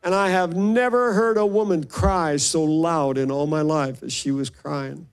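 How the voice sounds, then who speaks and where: A man's voice: on the high side, fairly even intonation, a little slow, clear, resonant tone. An older man, a pastor, telling stories in an earnest, emotional sermon and often restarting his sentences. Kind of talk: sermon storytelling.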